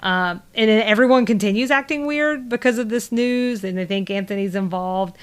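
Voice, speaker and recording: A woman's voice: medium pitch, normal speed, clear, resonant tone. Southern woman podcast co-host, chatty, rambling recap delivery. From American South. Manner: rambling, many fillers and restarts. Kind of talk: casual chat recap.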